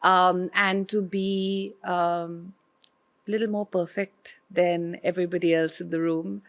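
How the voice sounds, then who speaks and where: Woman host, low voice, gravelly fry, measured and thoughtful. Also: little pitch movement. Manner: measured, thoughtful, with frequent fillers. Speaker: interviewer host. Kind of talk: conversational interview.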